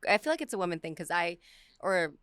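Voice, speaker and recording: A young woman co-hosts a casual podcast, talking quickly and frankly and laughing often. Her voice sits a little low, and the recording is dry and close. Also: sing-song, fairly bright tone, clear, resonant tone, no echo. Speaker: podcast co-host. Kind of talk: casual chat.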